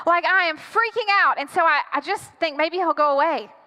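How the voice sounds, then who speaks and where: A woman pastor telling a dramatic personal story in a sermon, acting out her own panic with lively animation. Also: very high voice, big-room sound. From United States.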